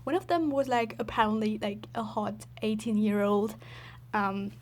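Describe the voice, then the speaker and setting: A woman's voice: medium pitch, moderate pace, a little mellow. A woman telling a story in a casual, rambling voice-over, filling her talk with "like" and giggling often. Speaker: video creator.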